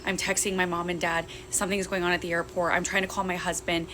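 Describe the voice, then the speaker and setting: A young woman telling a frightening personal story in a tense, fast retelling that acts out the quotes. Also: lowish voice, flat delivery, noisy background. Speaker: guest. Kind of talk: casual storytelling.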